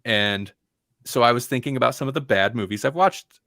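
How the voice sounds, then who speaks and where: Male podcast co-host, medium pitch, loose rambling film-review chatter, dead dry mic. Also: a little fast, creaky, bright, forceful tone, no echo. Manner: rambling, restarts often, puts on dull voices to mock actors. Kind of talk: casual film review chat.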